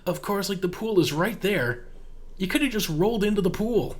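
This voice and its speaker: Snarky horror podcast cohost, cusses, bouncy pitch, keeps giggling. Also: animated, moderate pace. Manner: sarcastic, profane, giggly. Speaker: podcast co-host. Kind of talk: casual movie-recap chat.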